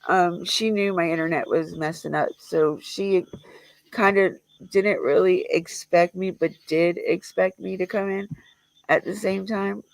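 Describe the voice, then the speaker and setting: A grieving livestreamer who talks in a halting, rambling way, with many fillers and restarts, recorded on a close mic. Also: mid-range voice, fairly even intonation, vocal fry, no room sound, poor audio. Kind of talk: emotional memorial livestream talk.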